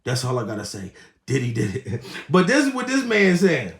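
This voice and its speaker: A man doing a profane comedic rant as host, animated and laughing, swinging between shouts and low asides. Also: normal speed, gravelly, roomy sound.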